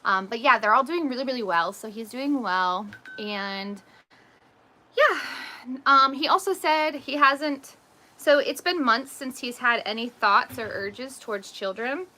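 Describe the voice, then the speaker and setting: Bright-voiced chatty woman vlogger. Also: a little high, animated, a little slow. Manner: chatty, laughs often, many ums. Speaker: vlogger and mother. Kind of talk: casual livestream storytelling.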